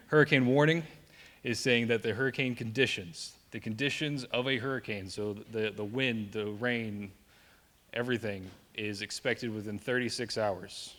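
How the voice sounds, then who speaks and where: A man's voice: lowish voice, steady tone, normal speed, a bit bright. A young man with a Southern American accent, giving a joking, conversational safety talk to a live audience and often checking in with "right?". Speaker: safety presenter. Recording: long hall reverb.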